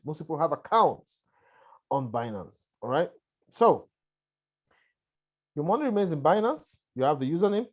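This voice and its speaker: This webinar presenter on a conference call has a lingering cough and a voice on the high side with a darkish tone. He speaks conversationally and repetitively, continually checking in with listeners by saying "all right" and "right."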